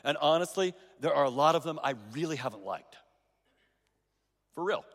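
A middle-aged pastor preaches a sermon in a high, animated voice at a moderate pace, telling a story and circling back to repeat phrases for emphasis. The long reverb of a large hall carries his voice.

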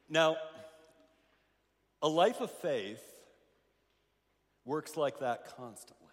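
Man, pastor, lively storytelling sermon, slightly high voice, long hall reverb. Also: measured pace, pauses often. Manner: animated storyteller, acts out voices, many restarts.

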